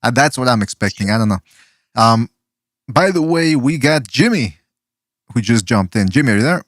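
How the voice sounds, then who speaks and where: Man, podcast host, chatty and excitable, dry close sound. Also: medium pitch, moderate pace, dry recording. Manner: excitable, chatty, swears casually. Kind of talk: casual podcast chat.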